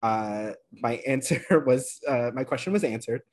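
A man co-hosting a casual podcast, recapping a reality show in an animated, filler-heavy way. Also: medium pitch, measured pace. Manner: animated storytelling, many fillers. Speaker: podcast co-host.

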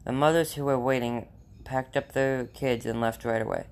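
A man's voice: mid-range voice, fairly even intonation, normal speed. A man reading a children's novel aloud in a plain way, with small slips and restarts. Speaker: reader.

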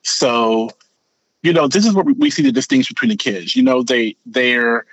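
A man co-hosting a podcast in casual chat, rambling and animated, often repeating words as he thinks. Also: medium pitch, moderate pace, dry recording. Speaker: podcast co-host. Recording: dull, lo-fi sound.

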